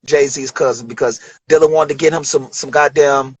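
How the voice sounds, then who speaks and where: A man in his forties from Detroit, a rapper telling studio stories in a loose, profane, animated way during an interview. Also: mid-range voice, moderate pace, low-quality recording. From Detroit, USA. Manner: profane, animated storytelling with acted quotes. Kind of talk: casual storytelling interview.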